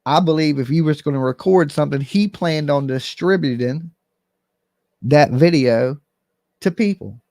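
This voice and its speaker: A man's mellow voice on the high side, at a moderate pace, recorded in clean studio sound with no echo. He hosts a live call-in commentary stream, casual in style, speaking bluntly and emphatically straight to his viewers.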